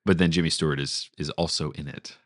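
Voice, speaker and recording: A man's voice: a bass voice, steady tone, fairly quick, fairly bright tone, no echo, clean studio sound. A man co-hosting a storytelling podcast, brainstorming in casual chat, joking and laughing often, on a home mic over a video call. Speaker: podcast co-host.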